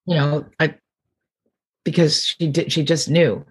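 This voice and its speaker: A woman's voice: sits low, steady tone, unhurried, breathy edge. Middle-aged comedian lady chatting, tells stories, does everyone's voices. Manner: rambling anecdotes, acts out quotes. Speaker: comedian guest. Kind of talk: casual storytelling interview.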